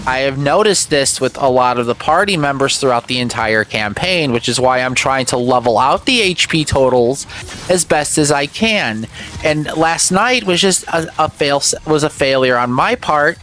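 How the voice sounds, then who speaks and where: A man's voice: mid-range voice, expressive, moderate pace, fairly bright tone, soft background music. A man who is the dungeon master, chatting casually with friends; he rambles, swears freely and restarts his sentences. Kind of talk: casual chat among friends.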